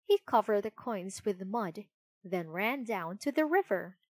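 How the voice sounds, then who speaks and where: Slow, expressive woman storyteller. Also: mid-range voice. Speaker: narrator. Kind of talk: children's storybook reading.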